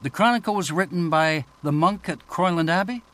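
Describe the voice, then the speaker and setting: A man voicing an excitable young American researcher in an audiobook, dramatic and dismayed. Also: a little high, brisk, voice pushed up, close to an everyday voice.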